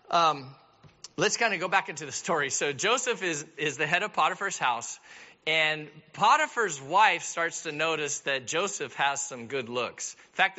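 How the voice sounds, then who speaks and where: Bright, high-voiced pastor preaching. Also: male voice. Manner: storytelling with joking asides and acted quotes. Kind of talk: sermon. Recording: dull lo-fi sound.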